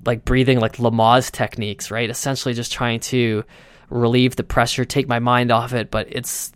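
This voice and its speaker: A podcast host, a man, spins a long personal tale in a loose, chatty way, full of fillers and false starts. His voice is smooth and resonant, at an everyday middle pitch, and the sound is close and dry. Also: dry recording. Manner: chatty, rambling, frequent fillers and restarts. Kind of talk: casual storytelling monologue.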